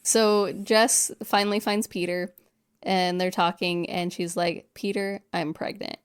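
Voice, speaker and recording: A woman's voice: on the low side, little pitch movement, unhurried, clean tone. A woman co-hosting a podcast, casually recapping a horror film, swearing freely and acting out the characters' lines. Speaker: podcast co-host. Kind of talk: casual movie recap chat.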